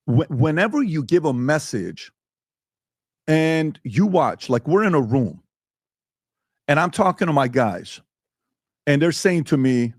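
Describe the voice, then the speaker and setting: A man's voice: on the high side, sing-song, unhurried, long pauses, no echo, studio quality. A male podcast host in a heated debate, talking emphatically and firing rhetorical questions.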